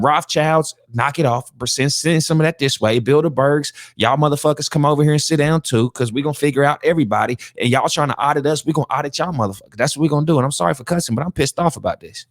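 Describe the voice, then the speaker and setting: A man's voice: fairly high pitch, dry recording. Podcast guy going off on a rant, cussing, heated, dry close sound. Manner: heated, profane, ranting. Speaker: podcast host. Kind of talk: reaction commentary rant.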